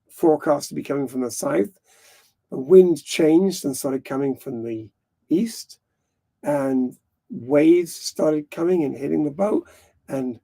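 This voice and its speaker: A man's voice: fairly high pitch, gravelly, warm tone. A man hosting a live stream, talking casually and rambling frankly, swearing now and then.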